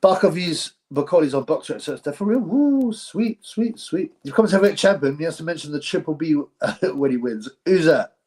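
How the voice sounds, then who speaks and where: A man's voice: a little high, fairly quick, darkish tone. A man hosting a live boxing stream, chatting casually to viewers in a blunt, rambling, slangy way. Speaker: host of a live boxing show.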